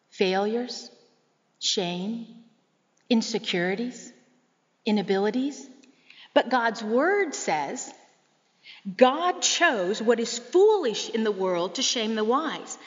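A woman pastor with a high voice preaches an emphatic, measured sermon and leans on rhetorical questions. Her words ring out with a long reverb, as if in a large sanctuary. The sound is a little muffled and dull. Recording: muffled, echoey sanctuary recording.

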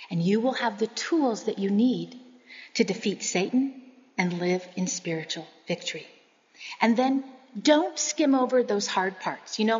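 Female Bible teacher, higher voice, earnest sermon delivery, dull lo-fi recording. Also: big-room sound. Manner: earnest, personal storytelling.

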